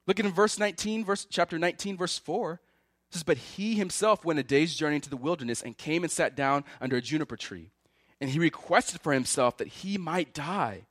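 A man's voice: on the high side, brisk, dry recording, studio quality. A man preaching a sermon, voicing the words of biblical figures with feeling. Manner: animated preaching, voices Elijah's and God's words with feeling. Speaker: pastor.

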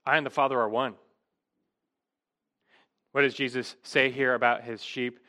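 A man's voice: mid-range voice, little pitch movement, moderate pace, bright, forceful tone. A man preaching an expository sermon, emphatic and full of rhetorical questions. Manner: emphatic, rhetorical questions, rising to stress key words.

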